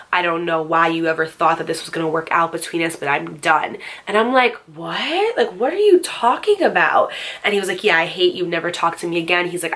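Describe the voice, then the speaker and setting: Chatty young woman telling a story. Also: lowish voice. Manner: chatty, heavy use of "like", animated asides to viewers. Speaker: YouTube storyteller. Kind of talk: casual storytime vlog.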